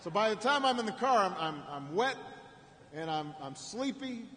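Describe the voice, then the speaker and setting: A man with a fairly high voice tells a story at a political rally. He repeats and restarts his words, pausing for effect. His voice rings through a large arena with a long echo and faint background ambience. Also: big pitch swings, bright, forceful tone, a little hiss or hum. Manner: repeats words and restarts, builds stories with dramatic pauses. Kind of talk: storytelling campaign speech.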